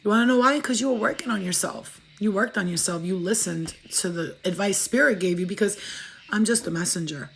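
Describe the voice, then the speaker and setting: A woman chatting casually to livestream viewers as a spiritual reader, fast-talking, profane and emphatic. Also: mid-range voice, vocal fry, fairly bright tone, slightly rough.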